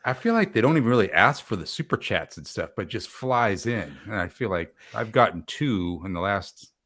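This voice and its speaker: A man on a live chat show, relaxed and plainspoken, explaining things step by step. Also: lowish voice, moderate pace, no room sound, studio quality. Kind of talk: casual chat.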